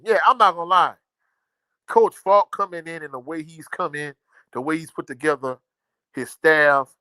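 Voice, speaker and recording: A man's voice: on the high side, pushed and bright, clean tone, no room sound. A middle-aged man from Louisiana hosting a casual sports live stream, reading viewer comments aloud and repeating phrases for emphasis.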